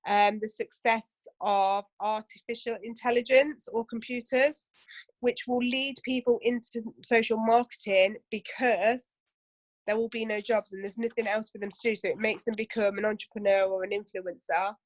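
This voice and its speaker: A woman's voice: fairly high pitch, steady tone, normal speed, no echo. A woman running a casual training session for her team, chatty and full of asides and rhetorical questions.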